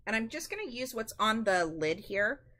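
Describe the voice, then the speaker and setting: A woman's voice: a little high, sing-song, normal speed, bright, forceful tone. A woman hosting a live-stream craft demonstration, chatty and instructive, often calling her viewers "guys.".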